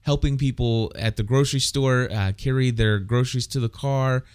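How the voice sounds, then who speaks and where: A man's voice: mid-range voice, steady tone, moderate pace, darkish tone, smooth. A man in casual conversation about church life, earnest and often stumbling over his words as he corrects himself. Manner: rambling, self-correcting, earnest. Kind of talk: casual faith discussion.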